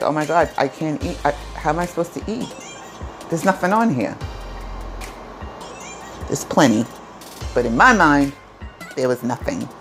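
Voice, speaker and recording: A woman vlogger telling a personal story in a chatty, animated way, full of asides. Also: extremely low pitch. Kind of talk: casual storytelling to camera.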